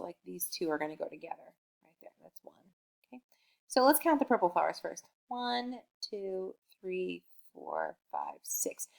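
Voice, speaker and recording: A young woman teaching kindergarten math on video in an upbeat, encouraging way, pitched in an ordinary middle range. She counts aloud slowly and stretches out the key sentences for small children.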